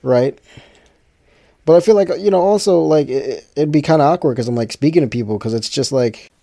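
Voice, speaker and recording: Guy rambling to his viewers, lots of uh and restarts, kinda gravelly, dry close sound. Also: fairly high pitch, brisk, mellow, no echo. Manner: rambling, many restarts and fillers. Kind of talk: casual chat to viewers.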